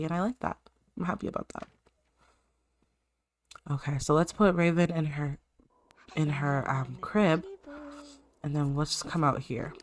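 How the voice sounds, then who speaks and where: A woman hosting a let's-play, chatting through her life-sim gameplay and talking straight to her game characters. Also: low-pitched. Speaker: gaming channel host.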